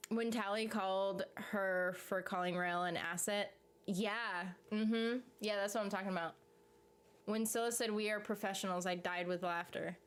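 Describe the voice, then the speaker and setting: A woman's voice: medium pitch, unhurried, clean tone. Chatty woman reading stream comments. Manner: chatty, rambling, laughs often, reads comments aloud. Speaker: YouTube streamer reading chat. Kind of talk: casual live-stream chat about a TV series.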